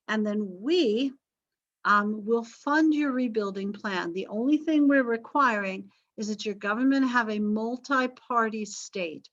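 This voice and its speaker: A woman's voice: fairly high pitch, a bit bright, dull audio. A woman teaching a history class in a chatty lecture, correcting herself and tossing in jokey asides, her voice a little strained from vocal cord damage.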